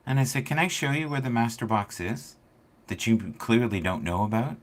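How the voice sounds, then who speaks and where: A man hosting a casual spiritual chat stream, telling stories and acting out quoted people with big swings in loudness. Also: lowish voice, lively intonation, fairly quick. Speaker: livestream host.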